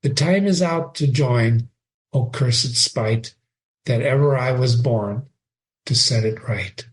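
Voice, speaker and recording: A man reading the part of a brooding, bitter young prince in a play, with slow, lilting verse delivery. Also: mid-range voice, pitched below the performer's own voice, lightly acted. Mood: solemn.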